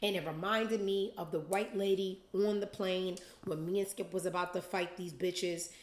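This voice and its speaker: Animated woman telling a profane story. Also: on the low side, moderate pace. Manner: animated, profane, acts out quotes in different voices. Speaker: podcast host. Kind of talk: casual storytelling monologue. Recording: roomy echo.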